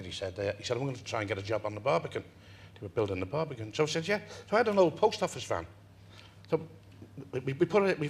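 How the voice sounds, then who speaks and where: An older man from England, a talk-show guest telling a long story in an animated way and laughing through it. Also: mid-range voice. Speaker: interview guest. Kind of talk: anecdotal storytelling.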